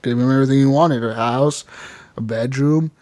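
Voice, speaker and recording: A man's voice: mid-range voice, normal speed, a little mellow, no echo. A man hosting a casual gaming podcast, retelling scenes in a rambling, profane way. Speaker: podcast host.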